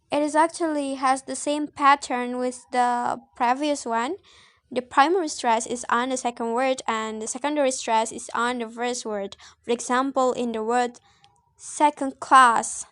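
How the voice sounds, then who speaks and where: A young woman presents a lesson slowly and carefully. Her voice sits a little high, and she pauses and restarts as she goes. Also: fairly bright tone. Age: young adult. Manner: slow, careful, with hesitant restarts. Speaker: student presenter. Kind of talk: reading a class presentation.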